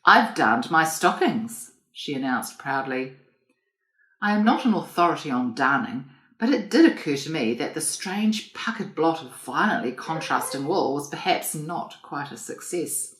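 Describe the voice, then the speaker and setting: A woman narrating an audiobook in a composed, even storytelling manner. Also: low-pitched, normal speed. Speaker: reader. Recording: roomy echo.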